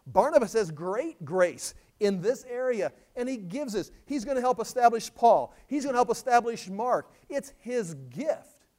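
A man's voice: high voice, darkish tone. A man preaching a sermon, talking conversationally and stepping into short acted voices for the people in the scripture he quotes. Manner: repeats words when restarting. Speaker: pastor.

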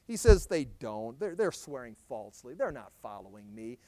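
A man teaching a Bible study as a pastor, reading scripture aloud and acting out the prophet's and God's words with sudden loud emphasis. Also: on the high side, animated, quick pace, hardly any pauses, no room sound. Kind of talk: sermon.

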